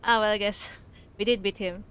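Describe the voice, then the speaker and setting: A woman's voice: mid-range voice, fairly even intonation, moderate pace, a bit bright, a little hiss or hum. A woman streamer chatting casually over gameplay, gushing, with many fillers and giggles.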